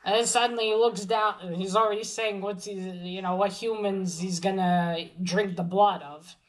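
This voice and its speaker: A woman's voice: mid-range voice, fairly even intonation, normal speed, low-quality recording. A woman giving a casual spoken manga review, rambling through the plot with many fillers and restarts, then gushing over the art. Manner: gushing when pointing out cute art.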